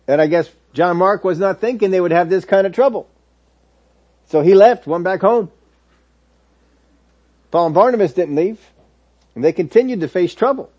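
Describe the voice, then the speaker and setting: A man's voice: on the high side, darkish tone. A man preaching a sermon, retelling Bible stories and voicing the people in them. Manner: storytelling, acts out biblical figures' words. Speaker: pastor. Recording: dull lo-fi audio.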